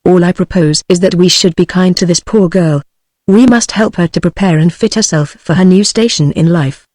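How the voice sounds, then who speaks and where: Bossy domineering professor guy, read by a british tts lady, brusque and commanding, plain even reading, dry close sound. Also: on the low side, moderate pace, no room sound, close to an everyday voice. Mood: imperious. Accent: British English. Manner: overbearing and commanding.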